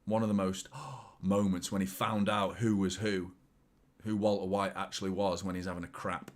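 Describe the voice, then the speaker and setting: Reacting live to a football match he's hosting as a watchalong, this man chats casually, alternating between excited bursts and quiet muttered remarks. He speaks at a normal speed, offering live commentary and chat.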